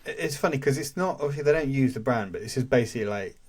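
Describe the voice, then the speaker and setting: A man's voice: mid-range voice, lively intonation, very fast, slight background noise. A man hosting a podcast, talking in a rambling, chatty way full of restarts. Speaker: podcast host. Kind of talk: casual chat.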